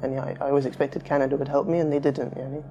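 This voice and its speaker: A man's voice: medium pitch, little pitch movement, rapid-fire, vocal fry, mellow, a little hiss or hum. A man in his twenties answering interview questions in a subdued, hesitant way. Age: 20s.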